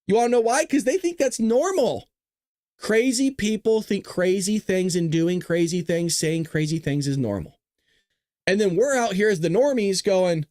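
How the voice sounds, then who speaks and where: A man's voice: high-pitched, darkish tone, no room sound, studio quality. A middle-aged man hosting a political talk show, talking casually with sarcastic, jokey asides.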